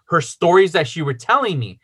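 A man's voice: on the high side, big pitch swings, brisk, slightly rough. A man casually telling a long personal story, rambling with lots of fillers and swearing.

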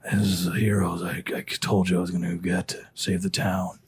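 A road-weary knight, voiced by a game master, speaking low and husky with a tired grumble. He sounds worn out. It is a tabletop game voice. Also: little pitch movement, moderate pace. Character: weary middle-aged male knight, gruff.

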